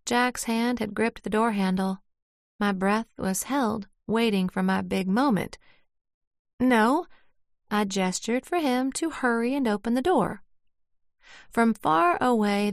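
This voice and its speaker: A woman narrating a first-person story in a measured, scripted audiobook style. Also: mid-range voice, no room sound, clean studio sound.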